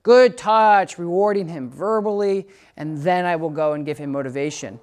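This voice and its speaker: A woman's voice: on the low side, normal speed, a little mellow. Chatty woman dog trainer explaining. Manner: chatty and explanatory, with frequent restarts. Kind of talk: casual instructional demonstration. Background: background music.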